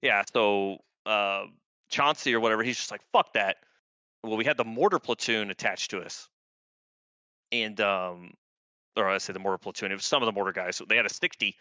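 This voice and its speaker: A man's voice: on the low side, fairly quick, bright, forceful tone, no room sound. A man in his thirties, an army veteran guest, telling war stories in a laid-back, profane, rambling way with lots of fillers. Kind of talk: casual war storytelling.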